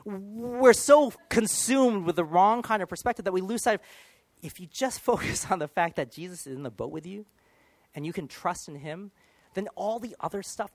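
A man's voice: high-pitched, dry recording. Earnest male preacher, dry close sound. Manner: earnest, animated, drops to a hushed near-whisper at moments of awe. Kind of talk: sermon.

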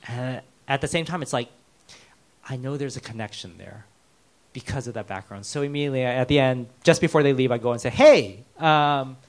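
Young American male pastor, mid-pitched, conversational sermon delivery with lively storytelling and quiet, earnest moments. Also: fairly quick. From United States.

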